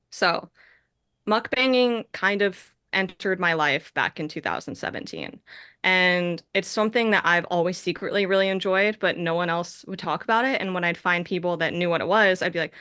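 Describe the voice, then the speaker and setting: A woman's voice: on the low side, sharp tone, smooth, dry recording, clean studio sound. A young adult woman director answering festival Q&A questions in a chatty, rambling way that keeps correcting itself. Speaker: film director.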